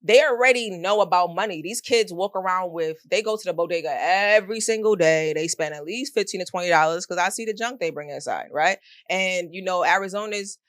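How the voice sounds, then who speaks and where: Animated storytelling woman, dry close sound. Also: lowish voice, a little fast, hardly any pauses, no echo. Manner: animated storyteller, slangy and expressive. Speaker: guest, middle school math teacher. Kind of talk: casual interview conversation.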